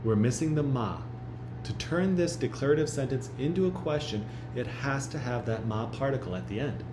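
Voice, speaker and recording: Lively-voiced man teaching in a roomy echo. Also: mid-range voice, noisy background. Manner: models phrases slowly and repeats them. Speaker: language teacher. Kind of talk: recorded pre-class lesson.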